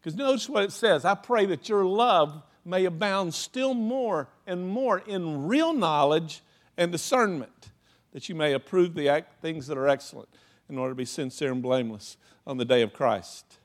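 A man with a fairly high voice preaching to his church in a loose, chatty way. He leans on "you know", acts out little stories with laughter, and keeps the sermon informal. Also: lively intonation, moderate pace. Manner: acts out anecdotes with laughing asides. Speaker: pastor.

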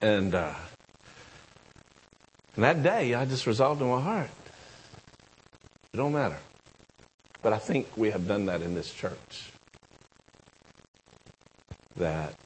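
A man preaching a sermon, telling a story with excited high bursts and hushed low asides. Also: breathy edge, rough recording. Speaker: pastor.

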